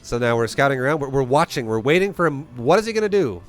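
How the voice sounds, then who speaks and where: A man's voice: mid-range voice, sing-song, fast talker, soft background music. A man giving casual, profane gameplay commentary, blunt and joking as he explains strategy. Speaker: game commentator.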